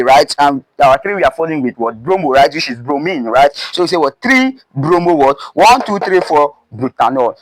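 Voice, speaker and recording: A man's voice: a little high, no echo, low-quality recording. A male chemistry teacher with a Nigerian accent, lecturing at a board, repeating terms and prompting with "what" and "right?". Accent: Nigerian English. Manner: repetitive, emphatic drilling of terms.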